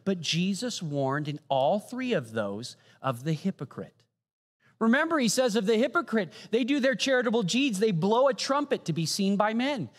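A man preaching a sermon, animated, often asking the audience "right?" and posing rhetorical questions. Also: high voice, normal speed. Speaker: pastor. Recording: long hall reverb.

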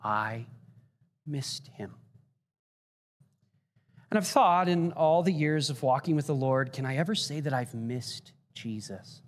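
A male pastor delivers his sermon in an earnest, building tone, pausing on fillers. His voice sits slightly higher than most men's. The sound carries a long hall reverb. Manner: earnest preaching with growing intensity, frequent "uh" fillers.

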